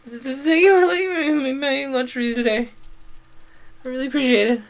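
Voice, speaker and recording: A man's voice: very high-pitched, steady tone, a little fast, gravelly, pitched above the performer's own voice. A man voicing a shy, earnest teenage schoolgirl in a visual novel reading, flustered and stammering.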